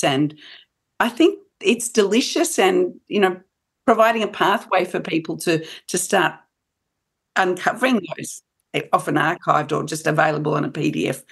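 Low-voiced woman musing in discussion. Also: breathy edge. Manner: thoughtful, many restarts. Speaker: panel guest. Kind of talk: casual discussion.

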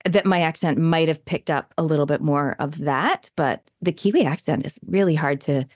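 Her voice is deep and darkish at a moderate pace, recorded in a clean studio with no room sound. She's a Canadian woman in her thirties giving a casual interview, talkative and enthusiastic, with many fillers.

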